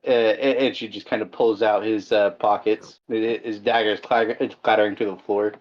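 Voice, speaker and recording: A man's voice: fairly low pitch, level tone, moderate pace, few pauses, dull audio. A man playing in a tabletop game, hesitant and stammering in casual talk. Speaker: player.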